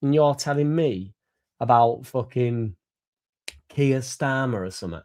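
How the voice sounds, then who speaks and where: A young man rambles through a loose, sweary live chat about football, a little drunk and laughing as he goes. His voice sits warm and mellow at a middle pitch, and he trails in and out of focus. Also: unhurried, pauses often. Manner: rambling, sweary and laddish, laughing between lines. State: a bit drunk. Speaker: fan channel host. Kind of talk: casual livestream chat.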